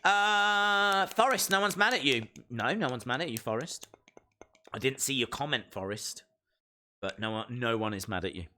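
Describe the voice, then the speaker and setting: A man's voice: medium pitch, expressive, moderate pace, bright, forceful tone, slight background noise. A man hosting a live reaction stream, chatting playfully and reading viewer comments aloud.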